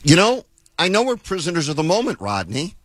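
Lively male sports talk radio host. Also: a little high, fairly quick, no room sound. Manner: lively, taking calls.

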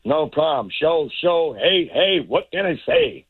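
A joking male caller on sports radio who sounds high and bouncy. His voice comes through a dull, muffled phone line. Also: huge pitch swings, unhurried, gravelly. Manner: joking, rowdy.

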